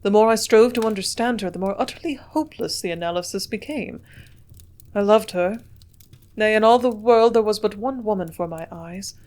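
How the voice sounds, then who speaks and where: This audiobook narrator is a woman with a middle-range pitch, reading from a classic novel. She keeps a steady, measured, unhurried pace that fits a lengthy chapter.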